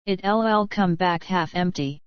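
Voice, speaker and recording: A woman voicing a gruff old bush cattleman. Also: on the low side, unhurried, dry recording, highs cut off, close to an everyday voice. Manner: brusque and bossy. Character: gruff older male bush cattleman, broke and blustering.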